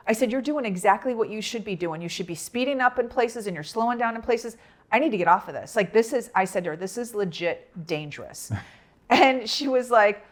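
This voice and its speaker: A woman's voice: mid-range voice, brisk. A woman co-hosting a casual podcast, telling a family travel story with lots of quoted back-and-forth. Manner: animated, retells with quoted dialogue. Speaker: podcast co-host.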